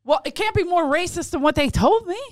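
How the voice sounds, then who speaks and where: A woman co-hosting a casual comedic podcast, telling stories with lots of laughter and squeaky quoted voices. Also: a little fast, dry recording. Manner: animated storyteller, squeals quoted lines high, laughs often. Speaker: podcast co-host.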